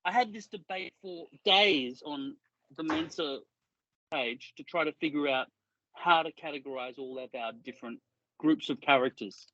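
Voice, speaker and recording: A man's voice: fairly high pitch, moderate pace, fairly bright tone, dry recording. A man co-hosting a casual podcast, rambling and swearing often while laughing easily. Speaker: podcast co-host. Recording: dry, dull lo-fi sound.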